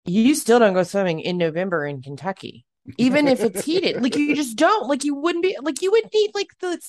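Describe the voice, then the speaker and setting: A woman in her thirties co-hosting a casual podcast. She sounds chatty and animated and often says "like." The recording is dry and close, with no room sound. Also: on the high side, fairly quick, dry recording. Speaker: podcast co-host.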